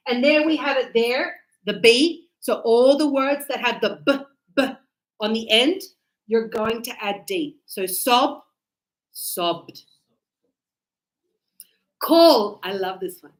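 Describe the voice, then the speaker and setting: Slow, higher-voiced woman teaching a class. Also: poor audio. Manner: animated, acts out examples, checks understanding often. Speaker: English teacher. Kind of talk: classroom pronunciation lesson.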